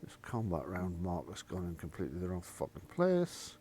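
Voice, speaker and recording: A man's voice: low-pitched, huge pitch swings, moderate pace, mellow, slight background noise. A man running a tabletop game as game master, laid-back and swearing freely.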